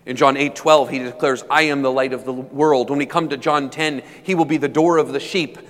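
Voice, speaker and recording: A man's voice: mid-range voice, steady tone, a little fast. Preaching man in an echoing hall. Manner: dynamic preaching, building from hushed to loud emphatic peaks. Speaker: pastor. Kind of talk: sermon. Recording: long hall reverb.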